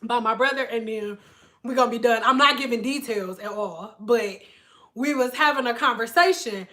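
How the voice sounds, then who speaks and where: A woman and former hairstylist chatting casually to her viewers, telling stories in an animated way, swearing freely and acting out what people say. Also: on the high side, moderate pace. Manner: animated storyteller, swears freely, acts out quotes. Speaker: beauty vlogger, former hairstylist.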